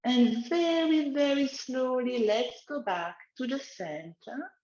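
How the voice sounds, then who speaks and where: Slow, gentle woman guiding a relaxation exercise. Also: high-pitched, roomy sound, lo-fi sound. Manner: slow, gentle guiding of breathing and neck movements. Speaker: wellness instructor. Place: outdoors in the countryside, chickens nearby.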